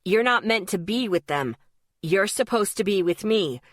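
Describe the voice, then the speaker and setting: A woman's voice: mid-range voice, animated, normal speed, dry recording, studio quality, natural voice. A woman reading the lines of a possessive, menacing young man who growls over the phone.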